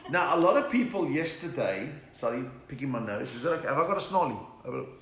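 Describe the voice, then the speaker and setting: A man's voice: medium pitch, sing-song, quick pace, fairly bright tone. A middle-aged man, hosting a casual live stream and greeting viewers by name with jokes. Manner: chatty, reads out viewer names and greetings, jokey. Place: room at home. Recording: roomy echo with faint noise.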